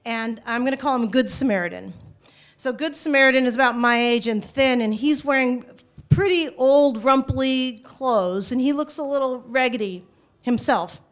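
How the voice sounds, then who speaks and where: A woman telling a personal story out loud, conversational and halting, with frequent restarts. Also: high voice. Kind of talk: first-person spoken storytelling.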